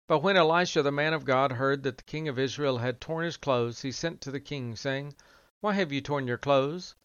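Male scripture reader, resonant and steady, dry close recording. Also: medium pitch, clean tone, no room sound, highs cut off. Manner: even, measured reading with little change between quoted voices.

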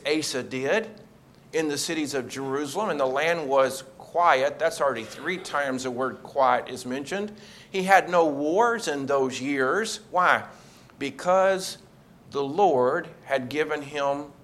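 A man's voice: a little high, fairly bright tone. Man leading a Bible study. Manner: conversational, asks the group questions.

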